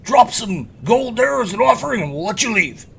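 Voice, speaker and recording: A man, as game master, putting on the voice of an unseen creature lurking behind rocks in a tabletop game. It calls out high and loud above his normal voice. Its tone is challenging and demanding. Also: sing-song, brisk, gravelly, husky, full character voice. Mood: bargaining. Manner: challenging, bargaining. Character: unseen gruff voice of a non-humanoid creature hiding behind rocks.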